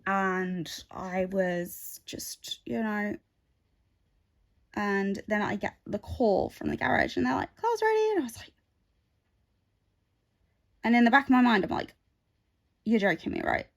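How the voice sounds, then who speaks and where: A woman's voice: mid-range voice, steady tone, unhurried, creaky, pauses often. Woman, casual craft-vlog chatter, rambling asides, phone mic. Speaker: craft vlogger. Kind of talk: casual chat while stitching.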